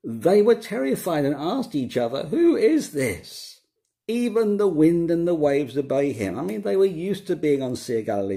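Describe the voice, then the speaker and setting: A man speaking as a pastor, giving an informal devotional talk in a conversational way, often pausing on fillers and restarting his sentences. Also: fairly high pitch, dark tone.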